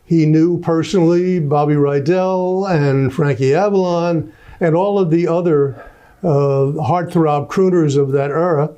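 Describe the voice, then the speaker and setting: Male host, slightly high and mellow, wry and amused, halting intro style. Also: lo-fi sound. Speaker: talk-show host. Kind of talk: talk-show interview.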